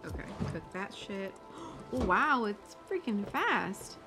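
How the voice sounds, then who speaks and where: A young woman playing a game on stream, excitable and foul-mouthed, gasping and exclaiming as she goes. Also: medium pitch, slow. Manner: excitable, swears freely, gasps and exclaims. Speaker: gaming streamer. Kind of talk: casual gameplay commentary. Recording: game music loud behind voice. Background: game music.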